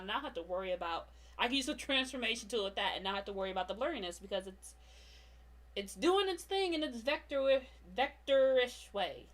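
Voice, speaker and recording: A young woman comic artist runs a casual live-stream drawing tutorial, chatty and self-mocking, often laughing and talking to her slow computer. Her mid-range voice is a bit bright.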